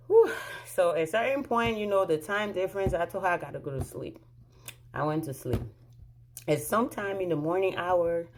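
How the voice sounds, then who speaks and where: A woman telling a personal story in a casual monologue, emotional and dramatic, sighing and exclaiming as she acts out the dialogue. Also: low voice.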